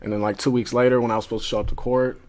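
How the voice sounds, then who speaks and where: A man's voice: mid-range voice, flat delivery, very fast, a little mellow. A young man, a podcast guest telling stories in laid-back casual chat. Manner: laid-back storytelling, frequent swearing.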